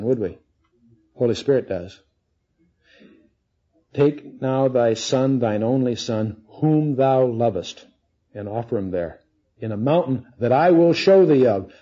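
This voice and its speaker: Male Bible teacher, warm husky voice, conversational, lo-fi sermon tape. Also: mid-range voice. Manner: conversational, asks the audience questions. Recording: dull lo-fi recording.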